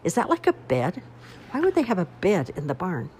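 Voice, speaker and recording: A woman's voice: fairly low pitch, wildly swooping pitch, fairly quick, a little mellow, slight background noise, voice pushed up. A woman voicing a blunt, puzzled boy asking questions in a storybook reading.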